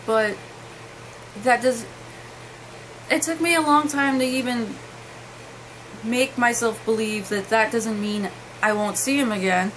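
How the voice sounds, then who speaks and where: A young woman telling a personal story to camera, halting and emotional, with many restarts. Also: fairly high pitch, a bit bright, slight background noise, low-quality recording. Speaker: vlogger.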